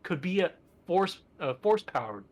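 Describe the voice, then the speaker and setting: A man's voice: high-pitched, sing-song, measured pace. A man co-hosting a podcast in casual chat, rambling with enthusiasm and lots of fillers. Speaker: podcast co-host.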